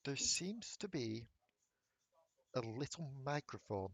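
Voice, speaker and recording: A man running a tabletop game as game master, describing scenes in a relaxed, conversational way. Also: mid-range voice, takes it slowly, breathy edge, no echo.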